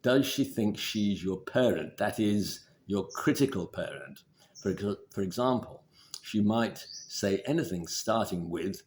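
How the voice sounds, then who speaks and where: A man giving relationship advice in a measured, deliberate instructional talk. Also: lowish voice. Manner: measured, deliberate, steady explaining.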